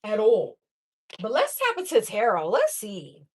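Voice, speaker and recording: Tarot lady just talking, cussing and laughing, kinda high voice. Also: measured pace, slightly rough. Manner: blunt, slangy, profane and animated, laughs often. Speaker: tarot reader. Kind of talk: casual tarot reading monologue.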